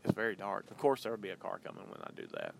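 Gravelly low-voiced man rambling while driving. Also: wildly swooping pitch, very fast. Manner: loose and chatty, many ums and uhs. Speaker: podcast host. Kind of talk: casual rambling monologue.

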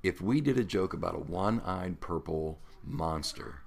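A longtime radio host in his sixties, this man speaks low and at a measured pace with some vocal fry. He's an animated storyteller in an interview, laughing his way through the tales he tells.

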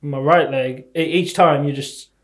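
A man's voice: on the high side, fairly even intonation, measured pace. Wry young man. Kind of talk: casual chat.

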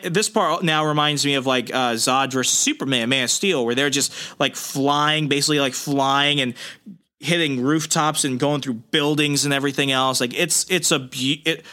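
A man co-hosting a podcast who recaps a comic book animatedly and acts out characters in quick snippets. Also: on the high side, sharp tone. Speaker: podcast co-host.

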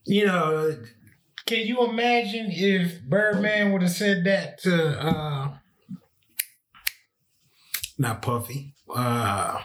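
A man's voice: sits high, expressive, fairly bright tone, a little hiss or hum. A man co-hosting a casual chat, telling stories and acting out quotes. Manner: slow, storytelling, acts out quotes. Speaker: podcast co-host. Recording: echoey room.

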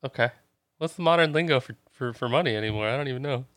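A man's voice: medium pitch, fast talker, fairly bright tone, dry recording. A man co-hosting a casual podcast chat, reacting with dry, wry comments. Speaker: podcast co-host.

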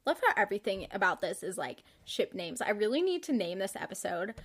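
A woman's voice: mid-range voice, very animated, fairly quick, husky. A young woman hosting a podcast, reading her old journal aloud in casual chat, sarcastic and giggly, swearing freely. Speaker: podcast host.

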